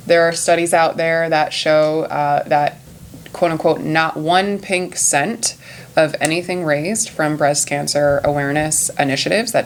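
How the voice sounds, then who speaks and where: A woman's voice: low voice, slight background noise. A woman hosting a podcast in casual chat, earnest, sometimes reading quotes aloud. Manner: earnest, laughs at own stumbles. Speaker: podcast host.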